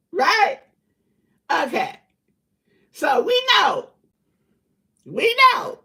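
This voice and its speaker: A woman's voice: fairly high pitch, fairly bright tone, husky. A middle-aged woman hosting a casual chat with online viewers. She talks in an emphatic, preachy way, repeats herself and laughs a lot. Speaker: livestream host.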